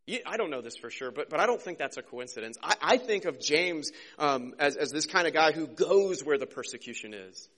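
A man preaching a casual, conversational sermon as a pastor, joking and slipping into quick character voices. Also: fairly high pitch, expressive, fairly bright tone.

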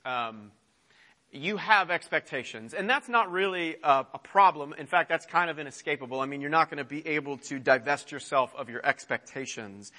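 A man's voice: fairly high pitch, sharp tone. A man preaching a sermon in a conversational way, opening with a prayer and often restarting his phrases. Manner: conversational preaching with mocking put-on complaint voices; frequent fillers and restarts. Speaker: pastor.

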